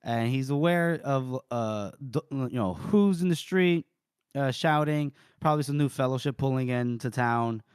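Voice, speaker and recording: A man co-hosting a podcast, recapping a book chapter in an animated way and laughing often. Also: mid-range voice, moderate pace, clean tone, no echo, studio quality. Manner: animated retelling with frequent laughs. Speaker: podcast co-host.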